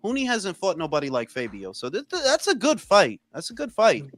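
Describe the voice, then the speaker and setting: A man from Los Angeles co-hosting a casual boxing talk stream, animated and cursing freely, with bits of Spanish. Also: high voice, fairly quick. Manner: animated, swears a lot, drops Spanish phrases. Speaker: boxing talk show co-host. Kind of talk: casual live stream banter.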